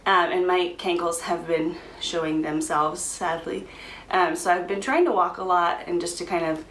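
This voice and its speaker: A young woman vlogging casually, chatty and quick to laugh, with frequent ums. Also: fairly low pitch, fairly bright tone, echoey room, a little hiss or hum, low-quality recording. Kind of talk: casual pregnancy update vlog.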